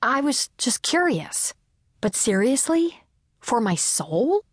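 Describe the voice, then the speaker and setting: A woman voicing a sardonic, self-mocking teenage girl who talks quickly and chattily. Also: high voice, big pitch swings, breathy edge, dry recording, clean studio sound, pitched above the performer's own voice, heavily acted. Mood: chatty.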